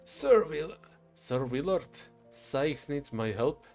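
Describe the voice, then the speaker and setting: A man's voice: on the high side, big pitch swings, slow pace, darkish tone, faint music behind. A man voicing a stern male dwarf investigator who talks bluntly and dryly. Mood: impatient.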